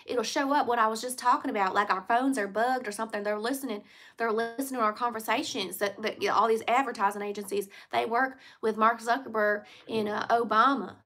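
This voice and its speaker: A woman's voice: fairly high pitch, steady tone, a little fast, a bit bright. A woman doing a ditzy, rambling, flirty caller. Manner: rambling, folksy bad grammar, playful teasing. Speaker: scambaiting prank caller. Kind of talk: prank phone call role-play.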